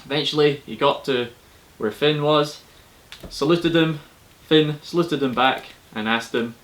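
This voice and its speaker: A man telling a folk tale in a relaxed, chatty way. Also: on the high side, measured pace, rough recording. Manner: relaxed and chatty, with colloquial asides. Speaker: storyteller. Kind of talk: casual oral storytelling.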